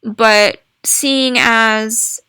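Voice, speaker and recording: A young woman chatting casually to viewers about video games, rambling and restarting phrases, with bursts of excited exclamations. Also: on the high side, very slow, clear, resonant tone, no room sound, studio quality. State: hiccups. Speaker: gaming vlogger.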